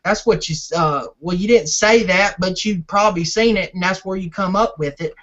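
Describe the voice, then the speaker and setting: A man's voice: high-pitched, normal speed, a bit bright. A man hosting a fan channel, ranting and repeating insults at a rival in a wrestling trash-talk promo. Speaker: fan channel owner and host. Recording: dull lo-fi audio.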